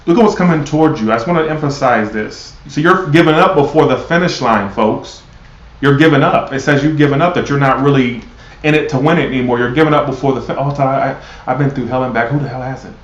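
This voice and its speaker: A man's voice: mid-range voice, quick pace. A man giving a blunt, sarcastic tarot reading live, swearing freely and talking casually to his viewers. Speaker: tarot reader. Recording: roomy, dull lo-fi sound.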